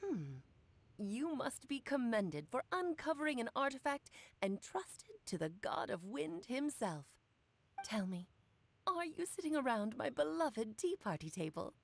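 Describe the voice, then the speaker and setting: A woman's voice: high-pitched, very animated, a little slow, vocal fry, full character voice. A woman voicing a grand, playful mage mother in a video game, speaking in a lofty, teasing and dramatic way.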